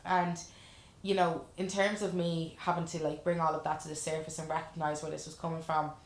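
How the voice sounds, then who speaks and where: Low-voiced woman, roomy echo. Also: level tone, a little fast. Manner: earnest, reflective, frank with casual swearing. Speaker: life coach guest. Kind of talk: candid casual chat. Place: room in a lash salon.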